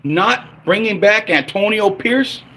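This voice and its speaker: A man's voice: high-pitched, expressive, takes it slowly, bright, forceful tone, a little hiss or hum. A man in his forties ranting angrily and profanely as a fan on his own livestream. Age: 40s. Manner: angry, profane, blunt. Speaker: livestream host.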